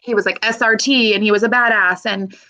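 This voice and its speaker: A woman in her thirties talks openly in an interview, her voice sitting at an ordinary middle pitch. She swears casually and breaks into laughter between heartfelt remarks. The recording sounds a little dull and lo-fi. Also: steady tone, brisk, bright, forceful tone. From Pacific Northwest, USA. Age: 30s. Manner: frank and emotional, swears casually, laughs often. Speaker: army veteran guest. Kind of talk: candid podcast interview.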